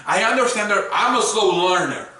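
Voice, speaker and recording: High, bright-voiced man ranting, echoey room. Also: expressive, moderate pace. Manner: profane, repetitive, exasperated ranting. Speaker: YouTube sports commentator. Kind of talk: ranting commentary. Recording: very echoey room, far from mic.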